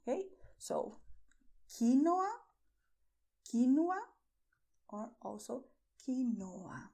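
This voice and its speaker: A woman teaching beginners to pronounce words, repeating each one slowly and carefully. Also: fairly high pitch, creaky, mellow, husky. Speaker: Spanish teacher. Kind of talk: slow pronunciation lesson for beginners.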